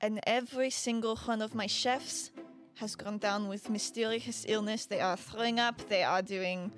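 A woman voicing a dramatic, weepy male restaurant manager, high and quavering. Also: steady tone, normal speed, soft background music, close to an everyday voice. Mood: distraught.

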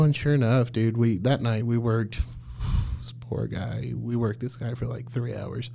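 A man's voice: medium pitch, fairly even intonation, moderate pace, creaky, mellow. A man, a paramedic guest, telling work stories in casual chat, laughing often and acting out his own lines in a raised voice.

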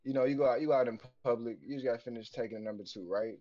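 A man's voice: mid-range voice, very fast, warm tone, dull audio. A man co-hosting a podcast, telling long rambling stories full of slang, profanity and fillers in casual banter. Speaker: podcast co-host.

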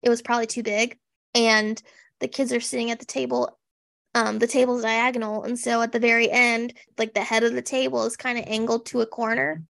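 A woman's voice: on the high side, level tone, brisk, gravelly, fairly bright tone, dry recording, clean studio sound. A woman co-hosting a podcast, chatting sarcastically about a TV special with lots of "like" fillers. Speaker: podcast co-host. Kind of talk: casual chat recapping a TV special.

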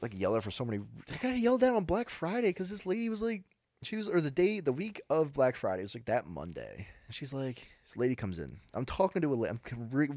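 Lively-voiced young man telling stories. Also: lowish voice, no room sound, clean studio sound. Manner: rambling storyteller, acts out quotes, says bro and dude. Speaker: podcast co-host. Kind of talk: casual chat.

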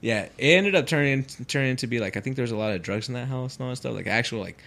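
A man's voice: mid-range voice, expressive, very fast, gravelly, a bit bright. A man who is a guest on a podcast, telling a story in casual chat, loose and full of fillers, swearing freely as he talks. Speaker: podcast guest, pro fighter.

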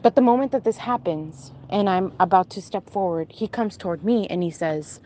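A woman casually recounting a strange dream, pausing often and restarting as she searches for words. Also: medium pitch, dark tone, slight background noise. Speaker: storyteller.

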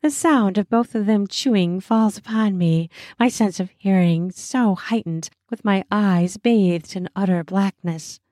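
A woman narrating a first-person erotic audio story in a breathy, intimate voice. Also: mid-range voice, measured pace, few pauses, no room sound, clean studio sound. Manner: breathy and intimate, slipping into soft moans.

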